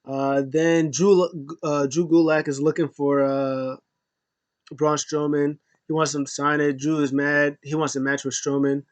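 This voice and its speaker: A man loosely recaps a wrestling show in a rambling chat crowded with fillers and asides. His voice is fairly high-pitched and flat, his pace measured, and the recording is dry.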